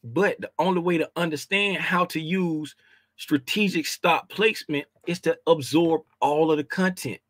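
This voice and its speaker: A man's voice: a little high, moderate pace, dry recording, clean studio sound. A man casually teaching a trading lesson, emphatic and repetitive, using slang and often asking "right?". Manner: informal slangy speech. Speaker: trading educator.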